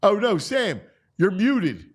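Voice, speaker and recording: A man hosting a casual sports talk show, loud and jokey in his banter with guests. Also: high-pitched, sing-song, takes it slowly, slightly rough. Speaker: show host.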